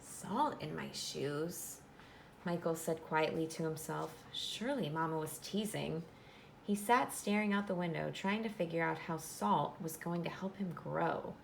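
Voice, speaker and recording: Gravelly low-voiced teacher reading aloud. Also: female voice, slight background noise. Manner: clear, instructive, pauses to explain. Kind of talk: classroom read-aloud.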